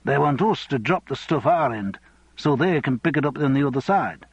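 A gruff, no-nonsense union boss with a Liverpool accent, as a male reader puts him on. The husky voice sounds dull and dry, as if recorded close in a padded studio. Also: medium pitch, animated, normal speed, no room sound, pitched above the performer's own voice. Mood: blunt. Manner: gruff, blunt. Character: blunt Liverpool union boss, middle-aged man.

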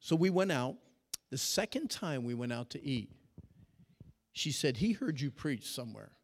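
Animated preacher man in an echoing hall. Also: medium pitch, normal speed. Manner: animated, acts out dialogue, calls for audience response. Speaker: youth pastor. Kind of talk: sermon to teens. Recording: long reverb of a large hall.

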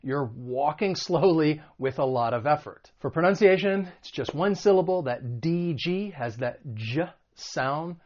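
Friendly guy explaining vocab words in a video lesson, a bit high voice, dull lo-fi sound. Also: animated, a little slow, few pauses, a little mellow. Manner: friendly, explanatory, asks the viewer questions. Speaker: English vocabulary teacher.

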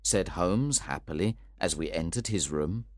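Man narrating a storybook, deep voice, lively pitch, clear reading. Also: a little slow, a little hiss or hum. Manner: clear, even-paced reading.

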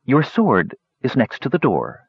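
A man voicing an old female crone who speaks quietly and slowly without emotion, on a dull, dry recording. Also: medium pitch, wildly swooping pitch, slightly rough, no echo, exaggerated voice. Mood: cold. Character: old female crone, cold and flat-voiced.

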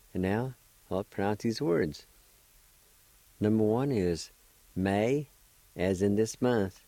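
A man hosting a radio language lesson, spelling and pronouncing each word slowly and patiently, repeating it several times. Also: lowish voice, expressive, dark tone, no room sound, low-quality recording. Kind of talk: slow spelling and pronunciation lesson.

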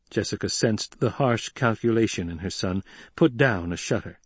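Husky male audiobook narrator. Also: on the low side, moderate pace, dry recording. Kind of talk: scripted narration.

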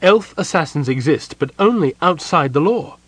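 A proud young elf king with an imperious, urgent bearing, as a man reads him in an audiobook. His voice sits higher than the narrator's own and carries a husky edge. He rises sharply when commanding. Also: expressive, normal speed, fairly bright tone, dry recording. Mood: impassioned. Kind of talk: audiobook character reading.

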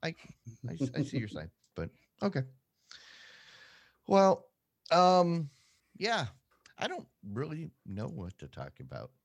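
A podcast co-host rambles through casual chat, poking fun at himself. His husky voice has vocal fry and swoops wildly, jumping quickly in pitch, and the recording is clean studio sound with no room sound.

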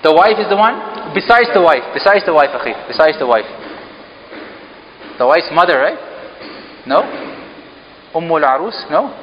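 A man's voice: a little high, lively intonation, normal speed, long pauses, a little hiss or hum. A man giving an interactive religious talk in a mosque, asking the audience questions and joking lightly. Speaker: mosque speaker. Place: mosque hall. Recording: echoey hall, dull lo-fi sound.

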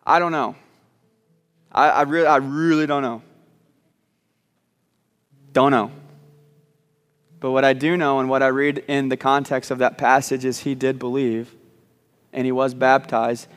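A man's voice: mid-range voice, flat delivery, a little slow, long pauses, smooth, in a large hall. A man preaching a sermon, repeating words as he starts sentences and slipping in joking asides. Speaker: pastor. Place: church sanctuary.

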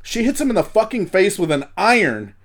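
A man's voice: high voice, a little fast. A man co-hosting a comedy podcast, casually recounting events with fillers and swearing. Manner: relaxed, profane recounting with fillers. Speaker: podcast co-host.

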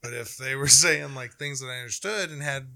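Young man, very bright tone, loose rambling banter with slang and laughter. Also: medium pitch, brisk, gravelly. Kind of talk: casual chat.

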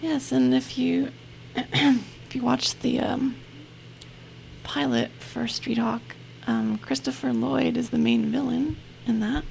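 A woman co-hosts a live comedy show with a strongly gravelly, creaky voice. She talks slowly and hesitantly, leaning on ums while she thinks. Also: fairly high pitch, steady tone, a little mellow, a little hiss or hum, poor audio. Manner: hesitant, filler-heavy. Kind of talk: loose live banter.

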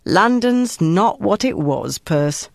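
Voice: mid-range voice, big pitch swings, slow pace, gravelly, no room sound, studio quality, voice pushed up, heavily acted. A narrator voicing a brash, haughty woman with a Cockney accent polished by elocution lessons. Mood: arch, haughty. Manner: arch and haughty.

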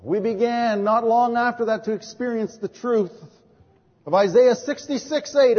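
A man's voice: very high voice, a little slow. A man preaching a sermon, telling earnest stories and acting out the dialogue. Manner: earnest storytelling, acts out quoted dialogue. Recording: dull lo-fi audio with long hall reverb.

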